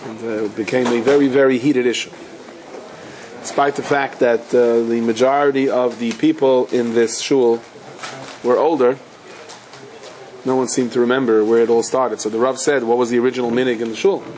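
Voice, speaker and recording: A man teaching a Torah class as a rabbi, telling stories in a conversational way and scattering Hebrew and Yiddish terms through his English, his pitch climbing when he presses a point. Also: fairly even intonation, moderate pace, long pauses, darkish tone, slight background noise, low-quality recording. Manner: conversational storyteller, rises in pitch when driving a point home.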